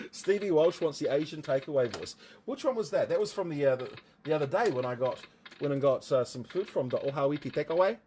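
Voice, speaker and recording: Fast and expressive, this New Zealand-accented man hosts a casual livestream, chatting with viewers and throwing in rambling, jokey asides. He is also a motorsport commentator; his voice is on the high side and a little mellow, with a little hiss or hum.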